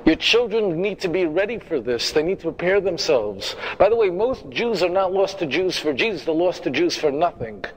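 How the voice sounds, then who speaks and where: A man's voice: sits high, sing-song, moderate pace, hardly any pauses, some chatter behind, poor audio. A man giving a lecture as a rabbi, speaking emphatically, repeating his phrases and turning to the audience with direct asides. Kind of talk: lecture to a congregation.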